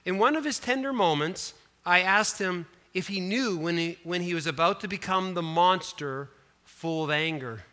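High, bright-voiced pastor preaching. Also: male voice, moderate pace. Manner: animated storytelling, voice rising and falling for emphasis; conversational asides to the congregation. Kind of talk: sermon.

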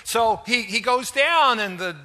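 A man preaching a sermon as pastor, retelling stories in an animated way and acting out the quoted lines. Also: very high-pitched, measured pace.

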